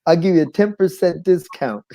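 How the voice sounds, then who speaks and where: A pushy street hustler woman, brassy and insistent, as a man puts her on. The voice is pitched well above his own and hurries through her offer. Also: normal speed, mellow, close to an everyday voice.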